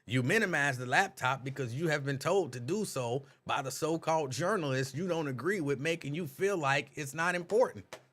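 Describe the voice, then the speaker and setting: Guy hosting a live stream, reads chat out loud and talks straight to viewers, kinda higher voice. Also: normal speed. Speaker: talk show host reading live chat. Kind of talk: casual live-stream commentary.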